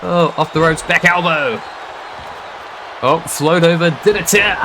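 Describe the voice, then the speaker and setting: A man calling a wrestling match live, excitable and quick to laugh and exclaim. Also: fairly high pitch, a crowd in the background, background noise. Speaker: wrestling commentator. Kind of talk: live play-by-play commentary.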